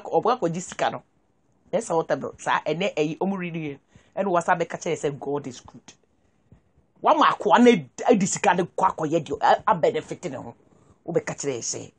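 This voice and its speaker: A Ghanaian woman hosting a commentary show, ranting about politics in an animated way and mixing English with Twi. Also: deep voice, breathy edge, no room sound. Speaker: show host.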